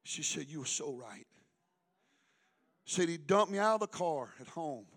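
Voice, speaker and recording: A middle-aged man preaching a sermon as pastor, swinging between loud calls and hushed asides. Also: a little high, sing-song, a little slow.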